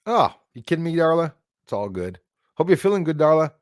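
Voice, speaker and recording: A man's voice: fairly high pitch, very animated, brisk, no echo, studio quality. A man hosting a livestream, chatting in a rambling way and thanking viewers by name. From Canada. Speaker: livestream host. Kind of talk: casual livestream chat.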